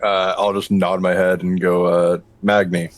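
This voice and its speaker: A man's voice: low voice, completely flat delivery, moderate pace, no room sound. A man playing a tabletop game, making brief, dry remarks about his character. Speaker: player. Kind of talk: casual tabletop game chat.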